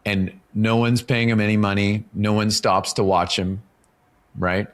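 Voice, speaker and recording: A middle-aged Canadian man, an author and professional speaker, guests on a podcast and talks casually in an interview. He explains ideas through stories and often tags his points with "right?". His voice is lowish, with little pitch movement, and unhurried.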